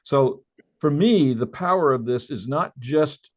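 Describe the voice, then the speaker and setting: A man hosting a podcast, speaking reflectively and haltingly with many restarts. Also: medium pitch, expressive, a little mellow. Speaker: podcast host. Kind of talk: podcast conversation. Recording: dull lo-fi sound.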